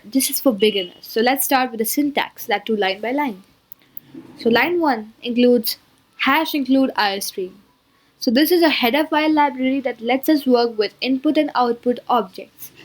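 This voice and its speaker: Higher-voiced woman teaching beginner coding. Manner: explains step by step, line by line. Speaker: programming tutor.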